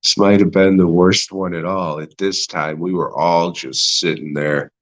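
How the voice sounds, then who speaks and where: A man's voice: low voice, steady tone, measured pace. A man hosting a podcast alone, rambling through a profane, sarcastic movie review and laughing at his own jokes. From United States. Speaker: podcast host. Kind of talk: solo movie review rant.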